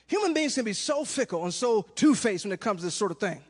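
Male preacher, high voice, lively sermon with acted-out asides, long hall echo. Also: a little fast, hardly any pauses, breathy edge. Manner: animated, acts out little scenes, shouts for emphasis.

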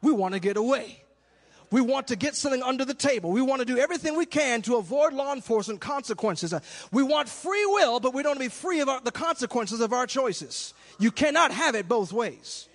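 High-voiced preacher in a reverberant hall. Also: male voice, brisk. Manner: animated, acts out little scenes, shouts for emphasis. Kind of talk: sermon.

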